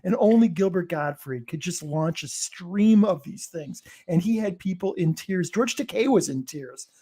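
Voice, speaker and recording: A podcast guest with a middle-pitched voice joins the chat and tells a story about a roast, stressing the key words as he goes. The talk stays casual. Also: animated, moderate pace, dark tone, slightly rough.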